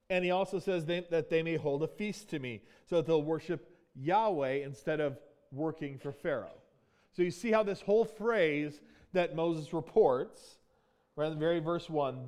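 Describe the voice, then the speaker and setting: Male pastor, fairly high voice, casual teaching sermon with acted-out quotes. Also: normal speed, darkish tone. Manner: conversational teaching with frequent "right?" and restarts.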